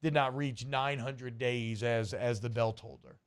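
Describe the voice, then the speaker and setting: A man hosting a casual sports radio show, telling stories in an animated way and laughing often. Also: medium pitch, measured pace, smooth.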